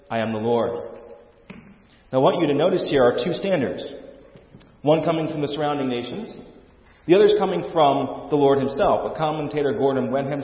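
A male pastor preaching a sermon in an earnest way, often restarting and repeating words. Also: a little high. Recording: echoey hall, dull lo-fi sound.

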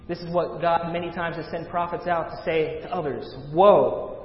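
A male pastor preaching a sermon, rising loud on scripture readings and dropping to a hush at the ends of points. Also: moderate pace, a little hiss or hum. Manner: dramatic swells of volume on scripture, hushed low endings. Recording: echoey hall, dull lo-fi sound.

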